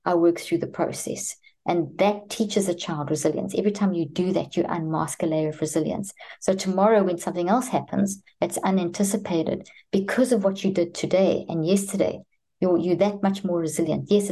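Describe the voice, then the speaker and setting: A woman's voice: on the low side, mellow. A woman speaking as a guest expert in an interview, explaining earnestly and with emphatic repetition. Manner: earnest, emphatic, repeats herself.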